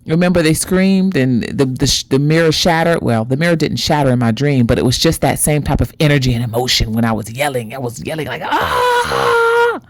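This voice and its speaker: A woman's voice: deep voice, darkish tone, no echo. A woman hosting a spiritual vlog who talks to her viewers in an intimate, conversational way and calls them y'all. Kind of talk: spiritual motivational talk.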